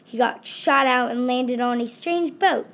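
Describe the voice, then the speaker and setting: Girl storyteller, careful slow reader, a bit high. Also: gravelly, a bit bright. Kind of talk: reading her own story aloud.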